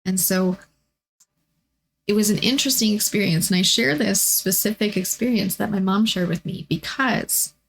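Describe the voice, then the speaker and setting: A woman's voice: mid-range voice, normal speed, gravelly, low-quality recording. A woman telling personal stories in a rambling monologue, full of fillers and restarts. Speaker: spiritual vlogger.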